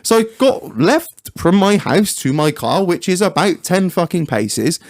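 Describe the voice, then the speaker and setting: A man co-hosting a podcast, telling sweary, animated stories in casual banter. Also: high voice, unhurried, no room sound, studio quality. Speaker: podcast co-host.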